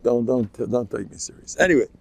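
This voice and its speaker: Gravelly older rabbi, joking and chatty. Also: male voice, medium pitch, lively intonation, a little fast. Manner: chatty, joking, chuckles between stories. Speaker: rabbi giving a class. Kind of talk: informal humorous talk.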